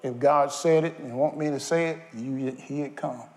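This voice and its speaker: A man's voice: medium pitch, fairly even intonation, moderate pace, darkish tone. A man preaching a sermon, firing questions at his congregation. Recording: long hall reverb.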